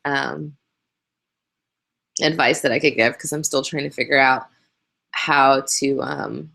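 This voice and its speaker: Young woman host, unhurried and husky-edged with vocal fry, relaxed ums, tired and pregnant, live webcam chat. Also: deep voice. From North Carolina. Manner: relaxed, chatty, with frequent ums and light laughs. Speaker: host answering viewer questions.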